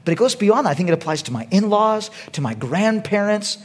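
A middle-aged man preaching a sermon as pastor, swinging between loud bursts and hushed, quiet asides. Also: sits high, very animated, a little fast, slightly rough.

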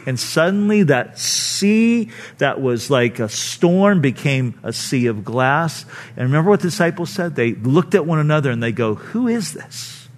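A man's voice: lively intonation, moderate pace. A male pastor preaching a conversational sermon, teaching informally with frequent asides and acting out the people he quotes. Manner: acts out quoted people with raised pitch.

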